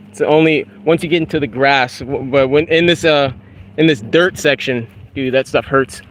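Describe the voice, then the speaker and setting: Chill young guy walking in the woods, says dude a lot, everyday mid-pitched voice. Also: normal speed, a little hiss or hum. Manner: laid-back, slangy, says dude and bro a lot. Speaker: YouTuber. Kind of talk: casual spiritual talk while walking. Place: outdoors on a wooded trail.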